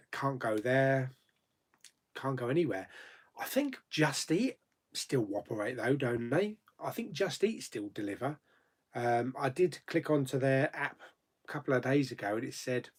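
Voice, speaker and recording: Hosting a casual live chat on YouTube, a man with a husky mid-range voice reads viewer comments out loud and responds. He's chatty and laughs frequently.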